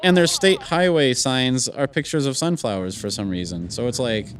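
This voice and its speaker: A man's voice: mid-range voice, moderate pace. A man chatting on a gaming podcast, rambling through an improvised story with swearing and laughter. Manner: profane, laughing, acts out bits in sudden shouted voices.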